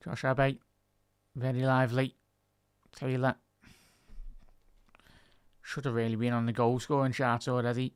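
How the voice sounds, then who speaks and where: A man's voice: mid-range voice, little pitch movement, a little slow, pauses often, clean tone, no room sound, clean studio sound. A man with a Liverpool Scouse accent giving live fan commentary on a football match, chatting with his viewers and laughing often. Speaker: football commentator and YouTube host.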